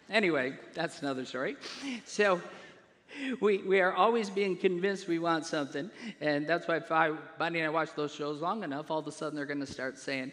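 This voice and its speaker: A male pastor preaching a sermon, putting questions to the congregation and swelling louder on key phrases. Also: on the high side, brisk. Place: church sanctuary. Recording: long hall reverb.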